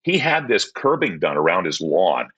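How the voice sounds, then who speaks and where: A man in his sixties from the Pacific Northwest, a podcast guest telling a long story in a casual, animated way and acting out the quoted dialogue. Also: sits low, normal speed, breathy edge, highs cut off.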